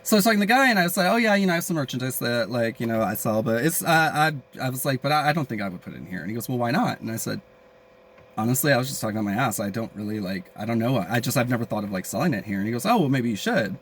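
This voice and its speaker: A man's voice: mid-range voice, expressive, racing, fairly bright tone, a little hiss or hum. A man rambling crudely and jokingly in a casual vlog, with many fillers and asides. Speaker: vlogger.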